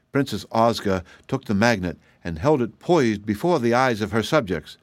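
A man narrating a fairy tale audiobook in an even, measured storytelling voice. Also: lowish voice, no room sound, studio quality.

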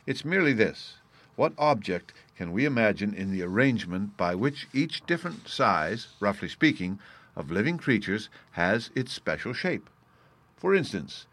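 A man voicing an earnest, thoughtful young gentleman, explaining in a deliberate, lecturing way. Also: fairly low pitch, sing-song, heavily acted.

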